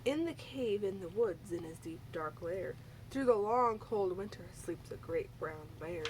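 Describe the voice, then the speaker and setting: A woman teacher reading a rhyming picture book aloud in an expressive, rhythmic way. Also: medium pitch, unhurried, a little hiss or hum, poor audio.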